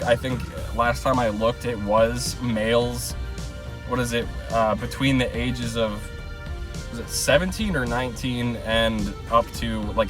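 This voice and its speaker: A man's voice: mid-range voice, far from the mic. A man vlogging from inside a car, giving a blunt, rambling opinion rant full of filler words.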